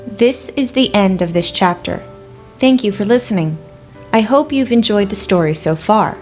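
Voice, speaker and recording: A woman author reading her own first-person short story aloud in an even, steady way. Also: medium pitch, moderate pace, faint music behind.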